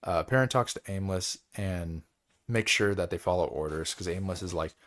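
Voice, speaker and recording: A tired, yawning man hosting a book club, rambling through a casual chapter recap full of fillers and quick character voices. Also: low-pitched, fairly bright tone.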